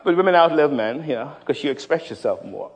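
Animated Bahamian preacher in a reverberant hall. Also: male voice, on the high side, fast, slightly rough. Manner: animated, swings from loud shouting to hushed tones, joking with the congregation. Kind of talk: sermon. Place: church hall.

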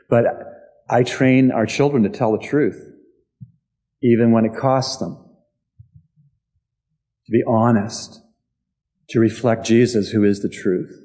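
A man, the church's pastor, answering his congregation's questions in a conversational storytelling sermon with frequent pauses. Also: fairly low pitch, mellow.

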